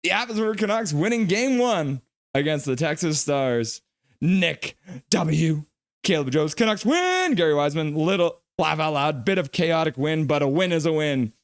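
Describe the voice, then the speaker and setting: A man with a high-pitched voice hosts a live hockey reaction stream, calling plays and reading viewer messages aloud in an excitable rush. The sound is dry and close, with no room around it. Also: normal speed, no echo. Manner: excitable play-by-play, reads chat aloud.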